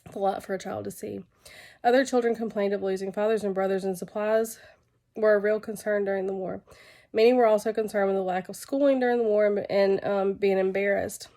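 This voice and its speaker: A young woman with a hoarse, gravelly voice that is fading as she recovers from illness. Her tone is dark and subdued, and she stops often with fillers. She presents her research informally to a webcam at home. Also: mid-range voice, steady tone. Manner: halting, many fillers. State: losing her voice, unwell. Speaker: graduate student presenting research.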